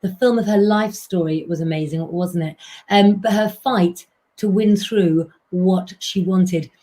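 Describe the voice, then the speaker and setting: Brief: woman, live-stream astrologer doing tarot readings, warm chatty delivery, talks straight to viewers. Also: fairly low pitch, measured pace. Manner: chatty, keeps addressing viewers as "guys".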